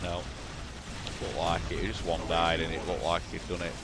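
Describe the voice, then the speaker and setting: A man's voice: sits low, monotone, moderate pace, very noisy. A man with a Yorkshire accent, commentating a replay of his own strategy game in blunt, sweary, exasperated banter. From Yorkshire, England. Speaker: gaming commentator.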